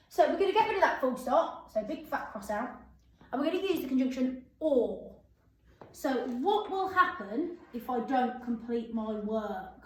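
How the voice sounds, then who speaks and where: Woman teacher, fairly high voice, echoey room, slow drawn-out dictation. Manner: slow, sing-song, drawn-out words for dictation. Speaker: primary school teacher. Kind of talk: phonics and writing lesson for young children.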